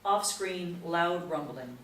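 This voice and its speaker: A woman narrates stage directions in a crisp, matter-of-fact way. Her voice is low for a woman. She is heard from a distance in a roomy space, with a faint hiss underneath. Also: expressive, slow pace, a bit bright. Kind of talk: screenplay table read narration.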